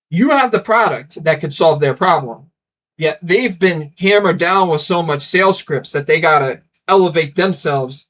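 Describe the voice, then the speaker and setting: A man's voice: a little high, a bit bright. A young man hosting a casual vlog, rambling enthusiastically and acting out bits of dialogue. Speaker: channel host. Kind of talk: casual talking-head vlog.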